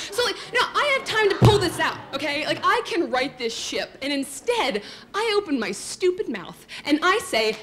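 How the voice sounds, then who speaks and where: Woman, raised pitch, stage storyteller, chatty and self-deprecating, talks to the crowd, faint background noise. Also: sing-song, fairly quick, fairly bright tone. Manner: chatty and self-mocking, many likes and asides to the crowd. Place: storytelling stage before an audience.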